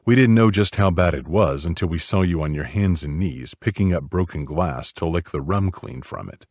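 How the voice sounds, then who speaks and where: A man narrating a romance audiobook in the first person, subdued and measured. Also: low voice, animated, darkish tone, slightly rough, no room sound, clean studio sound.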